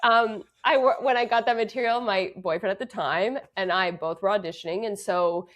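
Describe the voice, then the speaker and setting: A woman's voice: medium pitch, moderate pace. Canadian actress guest, young woman, thoughtful, earnest, filler-heavy. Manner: reflective, earnest, many fillers. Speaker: actress and dancer, interview guest. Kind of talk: conversational interview.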